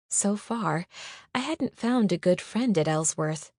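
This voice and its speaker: A woman narrating a first-person audiobook in a measured, even storytelling manner. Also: mid-range voice, no echo, studio quality.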